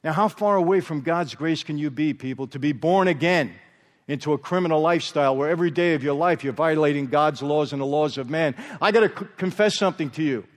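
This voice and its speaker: A middle-aged man giving an emphatic testimony sermon, calling out to the audience as he tells his story. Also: high-pitched. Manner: emphatic, repeatedly addresses the audience as "people". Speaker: guest speaker. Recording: long hall reverb.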